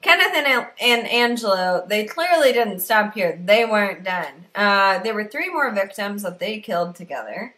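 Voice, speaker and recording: A woman tells a true-crime story on a podcast in loose, casual chat. Her voice is bright and forward, and she is blunt and swears freely. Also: mid-range voice, animated, normal speed, hardly any pauses.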